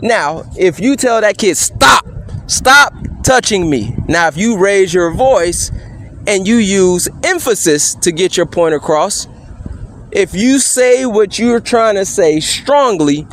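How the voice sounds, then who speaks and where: A man cross-examining a police officer, firing off measured, insistent leading questions and tagging many with "correct?". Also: high-pitched, lively intonation. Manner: pointed leading questions, repeatedly asking "correct?". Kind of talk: courtroom-style cross-examination.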